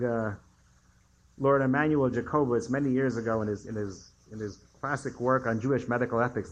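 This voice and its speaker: Older rabbi lecturing with emphatic rises. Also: male voice, medium pitch, dull audio, a little hiss or hum. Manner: digressive storyteller, emphatic rises on key points. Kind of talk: lecture with questions from audience.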